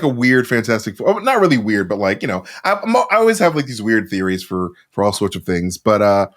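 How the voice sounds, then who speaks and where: A man hosting a podcast in casual chat, animated and laughing often, with many fillers. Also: mid-range voice. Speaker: podcast host.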